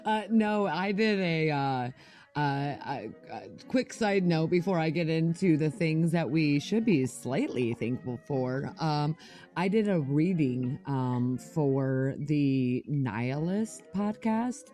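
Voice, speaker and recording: Brief: woman co-host, low register, slight lisp, loose and profane. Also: animated, takes it slowly, mellow, soft background music. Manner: loose, swearing, laughs often. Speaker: podcast co-host. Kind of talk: casual chat.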